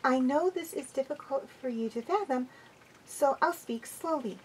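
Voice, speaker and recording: A woman voicing a sharp-tongued young woman mechanic in an amateur audiobook reading, speaking dryly. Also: high voice, moderate pace, recorded from a distance, a little hiss or hum, voice pushed up, lightly acted, poor audio. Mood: defiant.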